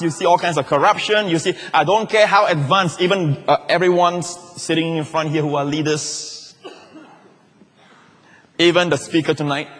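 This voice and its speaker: Husky-voiced man preaching in a big hall. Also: high voice. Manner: animated preaching, rising to shouts on key lines; repeats words and restarts, asks the crowd "all right?". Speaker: pastor. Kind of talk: sermon. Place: large church hall. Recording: live hall echo.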